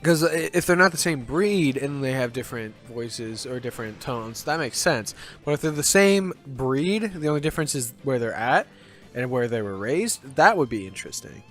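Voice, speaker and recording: A man's voice: mid-range voice, lively intonation, normal speed, a bit bright, faint music behind. A man co-hosting a casual couch chat over gameplay, talking loosely with swearing and stumbling restarts. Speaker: co-host.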